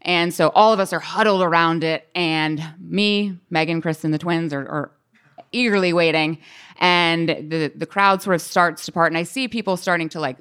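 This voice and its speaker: A woman tells a story from her school days to an audience, slipping into voices for the people she quotes and laughing along. Her voice sits a little low and comes through smooth and clear. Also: fairly even intonation, moderate pace, fairly bright tone. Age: adult. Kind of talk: live storytelling.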